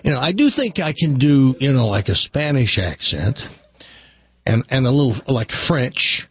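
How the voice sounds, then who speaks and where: Husky American man hosting radio. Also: medium pitch, big pitch swings, unhurried. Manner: joking, rambling, many restarts. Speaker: radio show host. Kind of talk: casual radio banter.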